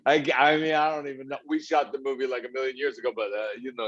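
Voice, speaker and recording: A man being interviewed as an actor, laughing often and poking fun at himself in a relaxed, jokey way. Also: medium pitch, fast. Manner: laughing, self-mocking, jokey. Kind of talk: casual interview chat. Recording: muffled lo-fi sound.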